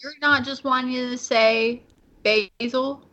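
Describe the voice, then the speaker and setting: A woman's voice: sits high, normal speed, highs cut off, noisy background. A woman chatting casually as a co-host, giggly and scattered, jumping from one thought to the next. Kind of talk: casual chat. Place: indoors, filming themselves on camera.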